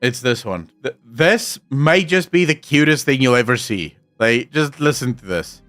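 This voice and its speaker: A South African man with an Afrikaans accent chats loosely on a live stream, swearing freely as he answers viewers' comments. His voice sits at an ordinary middle pitch. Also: moderate pace, fairly bright tone, faint music behind. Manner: chatty and profane, replies to chat comments. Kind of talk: casual live-stream chat.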